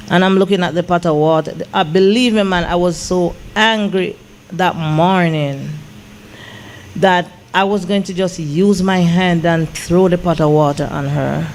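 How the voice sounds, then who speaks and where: A woman's voice: fairly low pitch, unhurried, a little hiss or hum. A woman, a gospel singer and songwriter telling an emotional story as an interview guest, with lots of "I said" retellings. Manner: animated, repeats "I said" when retelling.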